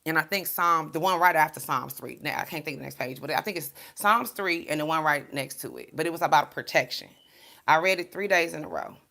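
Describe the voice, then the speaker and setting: A woman's voice: sits low, brisk, gravelly, bright, forceful tone. A woman speaking in a candid, emphatic, chatty way, telling a spiritual story on her video channel with preachy asides. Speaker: spiritual card reader and vlogger. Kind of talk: casual storytelling vlog.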